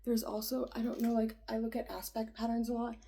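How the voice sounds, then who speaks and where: A woman's voice: fairly high pitch, completely flat delivery, fairly quick, warm tone, rough recording. A young woman reading an astrology chart aloud in a casual, rambling way, hesitant and full of fillers, often dropping to a whisper. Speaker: astrology reader.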